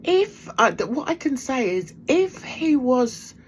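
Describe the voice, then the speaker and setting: A woman's voice: high-pitched, sing-song, slow pace, slight background noise. A middle-aged woman vlogging from her home art room, chatting casually to camera, laughing often and trailing off with ums. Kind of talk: casual gossipy chat to camera.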